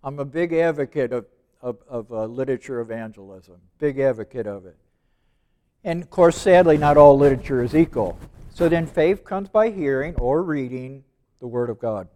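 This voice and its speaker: A man's voice: medium pitch, expressive, warm tone. Older preacher in his seventies, emphatic. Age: 70s. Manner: emphatic, repeats key words, slows down to read verses. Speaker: preacher teaching evangelism. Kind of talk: sermon.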